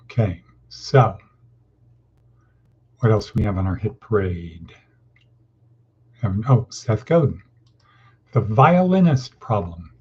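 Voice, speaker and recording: A man from California hosts a loose morning pep talk, wandering from one topic to the next in a folksy, rambling way. His voice is husky and mellow, and he talks slowly. The recording sounds dull and lo-fi. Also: on the low side, animated. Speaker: host of a daily motivational session.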